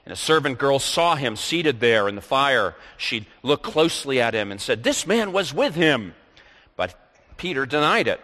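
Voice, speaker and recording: Male preacher, sermon delivery, bright and forceful voice, long reverb of a large hall. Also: mid-range voice, animated, normal speed. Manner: reads scripture aloud, then explains it.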